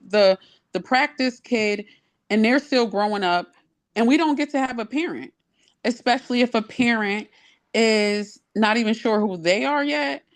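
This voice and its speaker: A woman talking thoughtfully in a personal conversation, working through her ideas out loud. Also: medium pitch. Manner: thoughtful, searching, speaks from personal experience. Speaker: guest.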